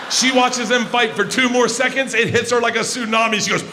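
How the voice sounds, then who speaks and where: A man in his fifties from Florida telling a loud, profane story on stage as a stand-up comedian. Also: high voice, lively intonation, fairly quick, few pauses. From Florida, USA. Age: 50s. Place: large arena on stage. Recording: arena reverb with crowd noise.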